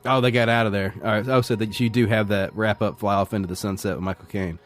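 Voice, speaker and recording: A man co-hosting a podcast, chatting casually about a film, animated and quick to laugh and swear. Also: lowish voice, faint music behind. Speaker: podcast co-host.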